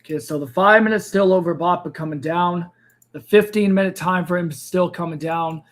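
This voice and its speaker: A man's voice: sits high, normal speed. A man hosting a live crypto trading stream, thinking aloud and second-guessing himself as he talks through the charts. He says he is losing his voice. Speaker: crypto trading livestream host. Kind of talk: casual live market commentary.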